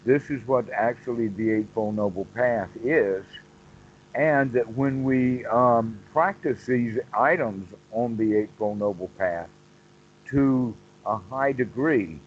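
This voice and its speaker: Man slowly teaching meditation on a call. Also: medium pitch, muffled recording, a little hiss or hum. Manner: slow, explanatory, repeats phrases. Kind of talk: dharma talk on a call.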